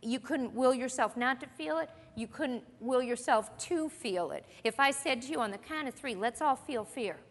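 A woman's voice: high-pitched, normal speed, hardly any pauses. A woman teaching a church Bible lesson to a group, earnest and conversational, posing questions to her listeners. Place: church meeting room with an audience. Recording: long reverb of a hall.

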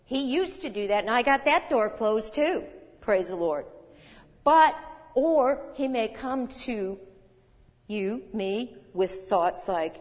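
A woman in her sixties teaching a sermon in a conversational, animated way, reading scripture aloud with emphasis. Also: on the high side, measured pace. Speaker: Bible teacher. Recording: long hall reverb.

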